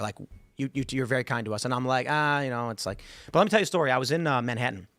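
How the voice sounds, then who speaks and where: A man's voice: medium pitch, lively intonation, fast, fairly bright tone, no echo. A male show host chatting in a studio, a rambling storyteller who acts out the voices of people in his stories. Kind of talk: casual studio chat.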